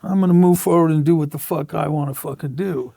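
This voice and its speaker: A man's voice: a little high, fast, creaky, mellow, no room sound, studio quality. A middle-aged man, a tattoo artist being interviewed, telling blunt, profane stories and acting out the quotes. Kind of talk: casual storytelling interview.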